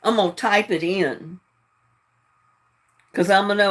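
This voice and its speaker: A woman's voice: mid-range voice, a little slow, long pauses, a bit bright. A woman hosting a live trivia stream in a casual, chatty way, often breaking into giggles and talking straight to her viewers. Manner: chatty, addressing viewers directly. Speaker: livestream trivia host.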